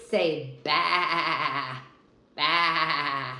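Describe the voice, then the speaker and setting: An older woman, a grandmother, reading a picture book to a small child, asking gentle questions and making animal sounds. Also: sits low, slow, echoey room.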